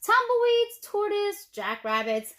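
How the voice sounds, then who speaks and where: A woman voicing a grumpy male cactus who yells at everyone to keep out. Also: very high-pitched, sing-song, slow, pitched above the performer's own voice, exaggerated voice. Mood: yelling cranky. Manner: yelling, cranky.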